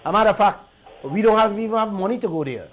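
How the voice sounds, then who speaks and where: A man with a Guyanese accent hosting a radio talk show, telling stories in an animated, indignant way and repeating himself. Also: sits high, quick pace, rough recording. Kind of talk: heated talk radio monologue.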